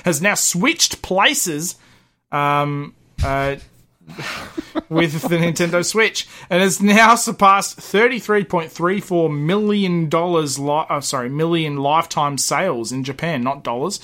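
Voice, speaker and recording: A man's voice: on the high side, takes it slowly, pushed and bright. A man co-hosting a gaming podcast, reading news with jokes and stumbling over his lines. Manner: jokey, stumbles and laughs through lines. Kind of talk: casual comedic podcast chat.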